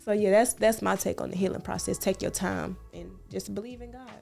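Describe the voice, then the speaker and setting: A woman's voice: medium pitch, a little fast, gravelly. Lady on a podcast, earnest and reassuring, mid voice, faint music under it. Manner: earnest, repeats phrases, reassuring, animated storytelling. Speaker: podcast co-host. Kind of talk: casual heartfelt podcast chat.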